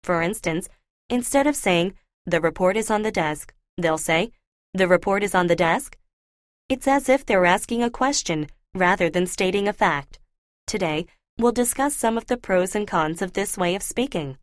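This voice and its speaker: A woman reading a scripted lecture for a listening test, explaining in a clear, measured way. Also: medium pitch, animated, no echo, studio quality.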